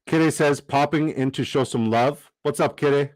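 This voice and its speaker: A young man hosting a livestream in casual chat, profane, excitable and given to rambling asides. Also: fairly high pitch, normal speed, dry recording. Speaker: livestream host.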